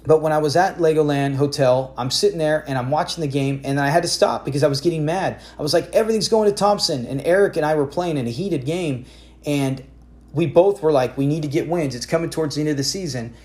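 A man in his forties hosting a casual fantasy football talk show, telling stories in an animated way with lots of self-corrections. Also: fairly high pitch. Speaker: podcast host.

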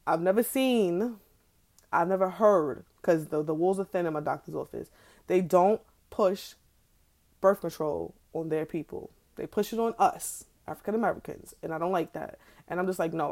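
A woman's voice: lowish voice, darkish tone. A young woman, ranting candidly and with plenty of profanity about her own experiences in a casual vlog. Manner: candid, profane, exasperated storytelling with slangy asides. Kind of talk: casual personal vlog rant.

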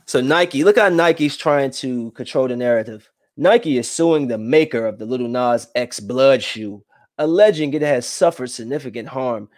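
A young man venting to his viewers in a heated, rambling monologue that swings between low brooding and loud outbursts. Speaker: vlogger.

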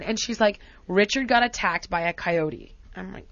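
A woman's voice: fairly high pitch, moderate pace, few pauses, no echo, lo-fi sound. A woman casually chatting on a talk show, telling a story dramatically and acting out what people said. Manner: animated, dramatic retelling with acted-out quotes.

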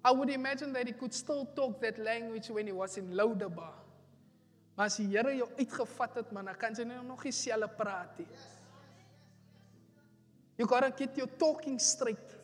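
High-voiced preacher in a hall. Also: male voice, moderate pace, pauses often, a bit bright. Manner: emphatic preaching, repeating phrases for effect. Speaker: pastor. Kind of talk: sermon. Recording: echoey hall with faint music.

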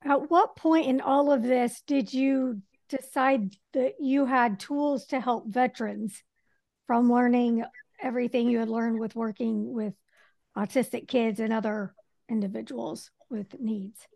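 A woman's voice: on the high side, steady tone, unhurried, vocal fry, a little mellow, no room sound, low-quality recording. A woman hosting an interview podcast, asking questions and listening attentively. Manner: attentive, brief acknowledgments. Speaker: podcast host.

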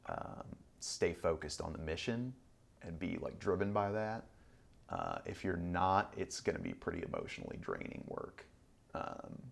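A man in his thirties telling stories in a relaxed interview, rambling, with frequent ums and restarts. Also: low-pitched, creaky. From Southern Illinois. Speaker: guest. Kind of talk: conversational podcast interview.

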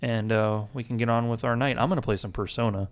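A man's voice: medium pitch, fairly even intonation, fast. Joking casual man co-hosting a podcast. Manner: loose, joking, swears casually. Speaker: podcast co-host. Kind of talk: casual gaming podcast chat.

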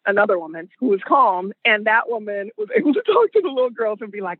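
Woman co-host, husky high voice, lively storyteller, dry tinny sound. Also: brisk, hardly any pauses, no room sound. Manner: animated storyteller, acts out voices, laughs often. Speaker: podcast co-host. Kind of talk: casual conversation.

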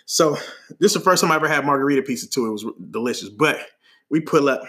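A man from Oakland with a Bay Area accent, telling a story on a podcast in an animated, slangy way, laughing often as he talks. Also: medium pitch, fast talker. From Oakland, California. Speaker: podcast host. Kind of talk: casual storytelling.

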